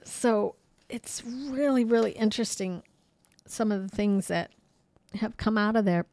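A woman co-hosting a podcast, casually telling ghost stories in a chatty, animated way with frequent fillers. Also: mid-range voice, measured pace. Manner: chatty, lots of "you know" and "um"; animated, laughs easily. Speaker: podcast co-host. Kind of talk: casual storytelling about hauntings.

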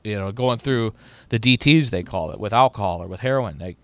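Middle-aged male podcast host, low and forceful, profane and rambling, dry close mic. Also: fairly quick, no room sound. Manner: profane, rambling, many restarts. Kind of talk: casual chat.

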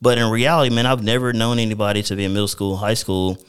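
A man's voice: lowish voice, level tone, fast talker, clear, resonant tone. A man hosting a casual sports interview show, chatting easily with his guest and often calling him "man". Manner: friendly, calls the guest "man". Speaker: radio show host interviewing a student athlete.

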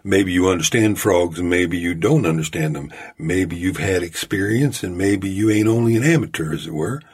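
A wily frontier gambler speaks in an easy, careless drawl, played by a man. His voice is low, rough and very husky. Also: normal speed, darkish tone. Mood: easygoing.

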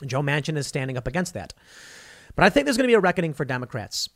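A male commentator with a fairly high-pitched voice, talking straight to his audience in a blunt, sarcastic monologue. He sounds scornful and unfiltered, firing off opinions without hedging. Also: sing-song, fast talker. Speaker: political commentator.

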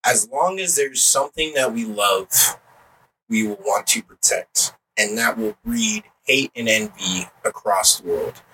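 A man co-hosting a podcast, giving reflective closing thoughts in a relaxed, slangy way. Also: mid-range voice, measured pace, slightly rough. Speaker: podcast co-host. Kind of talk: casual chat. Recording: distant mic, faint background noise.

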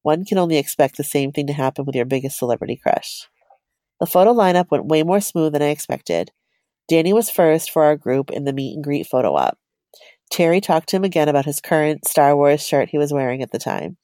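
Woman, low pitch, mellow tone, dry close sound, giggly storyteller, reads a personal story aloud. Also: expressive, brisk, dry recording.

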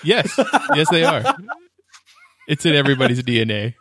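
A man's voice: mid-range voice, expressive, normal speed, fairly bright tone, slight background noise. A man hosting a casual podcast, laughing often and reading the show's plugs. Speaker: podcast host.

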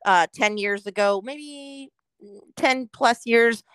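A woman's voice: on the high side, slow pace, a bit bright, clear, resonant tone, dry recording. A woman co-hosting a casual podcast, ranting with heavy swearing and acting out her own reactions in quotes. She is from California. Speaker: podcast co-host. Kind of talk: casual profane chat.

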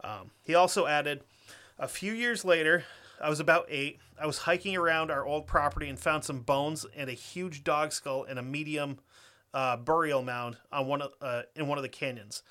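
Young man, podcast co-host, bright tone, slightly high pitch, profane, laughs often. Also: fairly even intonation. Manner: profane, rants fast and laughs a lot. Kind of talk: casual podcast chat and story reading.

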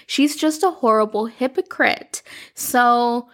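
Chatty woman recapping a story, gravelly edge. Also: medium pitch, measured pace. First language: Spanish. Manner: chatty, animated, acts out characters' lines in quotes. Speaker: podcast host recapping a telenovela. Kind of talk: casual recap chat.

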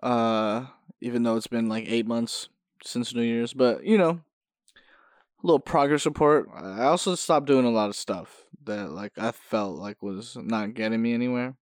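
A man talking solo on his own podcast in a laid-back, casual way. He swears a lot, laughs often, and gets loud and high when worked up. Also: moderate pace, no room sound, studio quality. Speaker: podcast host.

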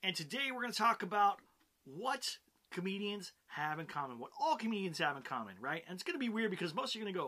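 A man's voice: high-pitched, very animated, quick pace, bright, forceful tone. A man hosting a show about comedy, talking to camera in a chatty, upbeat way with frequent "right?" and "you know" asides. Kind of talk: casual talking-head explainer.

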